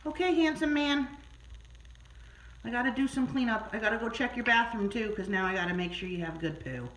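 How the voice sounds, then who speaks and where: A pet sitter in a client's home, cooing in high sing-song baby talk to a cat while filming on a handheld phone. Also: female voice, expressive, fairly quick, a bit bright, low-quality recording. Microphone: handheld phone camera.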